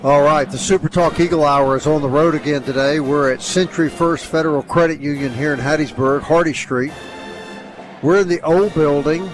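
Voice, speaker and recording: Male radio host, casual on-location sports chat, relaxed delivery. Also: a little high, normal speed, music in the background. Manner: easygoing, many "uh" fillers. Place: credit union building, on location.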